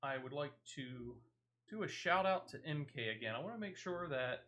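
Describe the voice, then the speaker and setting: A man's voice: fairly high pitch, animated, moderate pace, fairly bright tone. A man streaming a video game, chatting casually with his viewers and stopping often on "uh". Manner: chatty, many "uh" fillers. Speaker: variety streamer. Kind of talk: casual gameplay commentary.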